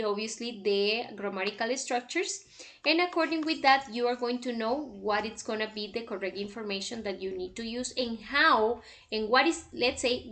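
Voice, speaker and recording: A woman's voice: a little high, a bit bright. A woman, an English teacher walking her class through homework exercises and checking in with "okay?" after each step. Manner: explanatory, repeats "okay?" often. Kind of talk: recorded lesson walkthrough.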